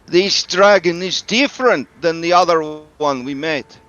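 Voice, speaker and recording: A woman's voice: fairly low pitch, animated, a little slow, fairly bright tone, muffled recording, voice pushed up. A man voicing a grave young woman who rides a bear, speaking in formal, solemn phrases. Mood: wary.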